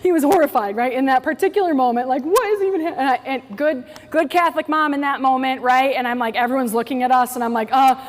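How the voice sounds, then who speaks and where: A woman in her forties giving a workshop talk to church staff, telling stories in an animated way and often adding "right?". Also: sits high, fast talker, hardly any pauses. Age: 40s. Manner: animated storytelling, tag questions like "right?". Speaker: workshop speaker. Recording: hall reverb, faint noise.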